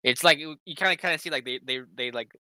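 A laid-back man chats casually, laughing along with his friend and dropping dude into every few lines. His voice is bright, and the sound is dry and close. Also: a little high, fast, no echo. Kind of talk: casual chat.

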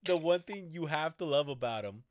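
A man's voice: a little high, expressive, fairly quick, very noisy. A man in casual talk, telling a story animatedly, swearing often and acting out the quotes. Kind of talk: casual podcast chat.

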